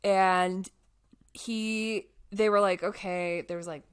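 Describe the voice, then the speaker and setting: A woman's voice: mid-range voice, takes it slowly, clean tone. Chatty young woman telling a story. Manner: chatty, animated storyteller with frequent "like" fillers. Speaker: podcast co-host telling a life story. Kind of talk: casual chat.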